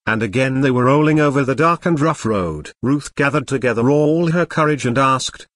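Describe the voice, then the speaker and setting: A text-to-speech male voice reading a novel aloud as a steady, scripted narration. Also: medium pitch, normal speed, no room sound. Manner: steady machine-read storytelling. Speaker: audiobook narrator.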